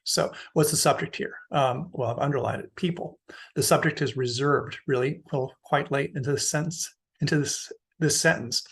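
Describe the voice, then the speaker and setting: A man's voice: mid-range voice, moderate pace, creaky, breathy edge. A man giving a recorded university lecture, explaining in a casual way with frequent fillers.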